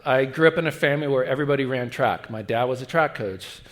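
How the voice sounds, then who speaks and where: A man's voice: mid-range voice, quick pace. Storytelling male preacher in a reverberant hall. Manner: storytelling, animated, drops to a hush for pleading lines. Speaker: guest pastor. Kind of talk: sermon. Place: large church hall. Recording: long church reverb.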